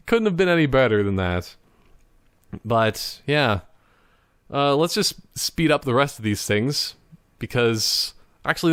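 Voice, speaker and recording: A young Canadian man hosts a solo podcast from his computer indoors, rambling casually, laughing often and occasionally slipping into playful impressions. His voice is mid-range, with a dry, clean studio sound.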